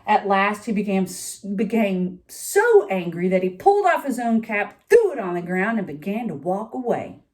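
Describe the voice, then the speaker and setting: A woman's voice: medium pitch, big pitch swings, moderate pace, hardly any pauses, noisy background. A woman reading a picture book aloud to children, with chatty asides to her young listeners. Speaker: storytime reader.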